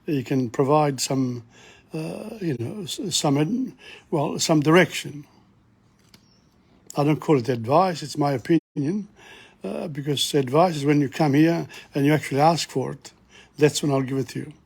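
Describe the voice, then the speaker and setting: Older male teacher, gravelly, husky, a little high-pitched, repeats words for practice, opinionated asides. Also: normal speed, darkish tone. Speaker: language teacher. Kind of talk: informal video lesson. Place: bookshop.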